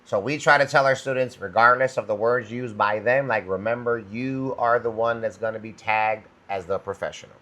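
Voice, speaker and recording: A man's voice: lowish voice, moderate pace, few pauses, pushed and bright. A man co-hosting a casual podcast, a security instructor who talks in a laid-back, agreeable way with casual slang.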